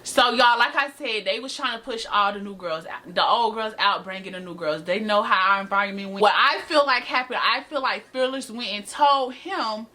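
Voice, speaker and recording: A woman's voice: mid-range voice, moderate pace, few pauses, bright, forceful tone. An eighteen-year-old woman telling a sassy storytime vlog to her viewers, talking to them as y'all. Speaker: vlogger.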